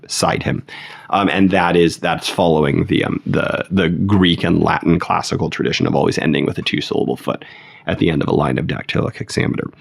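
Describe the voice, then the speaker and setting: A man's voice: low voice, creaky. A man giving a casual, reflective lesson on poetry, with many fillers and restarts. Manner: reads verse aloud slowly. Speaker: poetry teacher.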